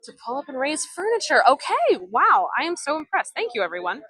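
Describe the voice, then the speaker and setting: A woman's voice: high-pitched, big pitch swings, fast talker, pushed and bright, no room sound, rough recording. A young woman giving a live walking tour outdoors, speaking in an enthusiastic, chatty way into a handheld phone. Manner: chatty, enthusiastic, reads viewer comments. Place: outdoors in an old town street.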